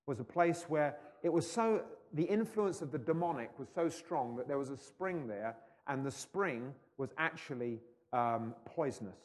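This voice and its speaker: A male preacher giving a sermon, swinging between loud proclamation and hushed intensity. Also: mid-range voice, animated, a little slow. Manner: mocking taunts when acting out scripture scenes. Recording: long hall reverb.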